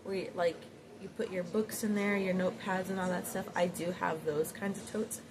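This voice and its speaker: A woman with a lowish voice chats casually at home, rambling through fillers and repeated phrases as she gushes over things she loves. A steady noisy hiss sits behind her. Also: moderate pace. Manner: gushing, admiring. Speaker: vlogger. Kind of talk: casual chat. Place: home, near closet. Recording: noisy background.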